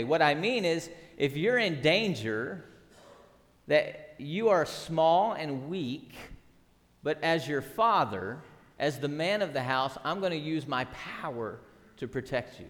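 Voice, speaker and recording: A man's voice: medium pitch, lively intonation, normal speed, fairly bright tone. A middle-aged man preaching a sermon as pastor, earnest and emphatic, with repeated words and rhetorical questions. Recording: long hall reverb.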